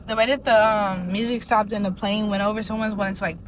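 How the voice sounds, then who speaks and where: A woman's voice: mid-range voice, steady tone, fast, slight background noise, rough recording. A woman giving a casual tarot reading in a rambling way, leaning heavily on filler words. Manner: rambling, heavy use of "like" fillers. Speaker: tarot reader.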